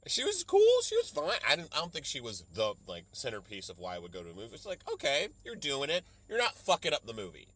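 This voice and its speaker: A young adult man hosting a solo podcast, rambling and profane as he riffs, slipping into quick mock voices to quote people. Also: medium pitch, big pitch swings, bright, forceful tone. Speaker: podcast host. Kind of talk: solo comedic podcast rant.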